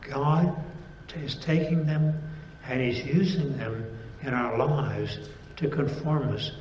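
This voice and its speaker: A man preaching a sermon, speaking deliberately with pauses and emphatic stresses. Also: mid-range voice, darkish tone, roomy sound, a little hiss or hum, poor audio.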